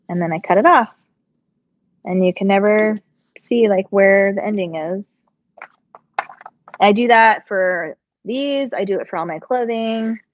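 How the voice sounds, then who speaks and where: A woman's voice: mid-range voice, no echo. A middle-aged woman chatting casually on a live stream while she sews, answering viewer questions, her voice a little congested and muffled. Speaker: sewing channel host.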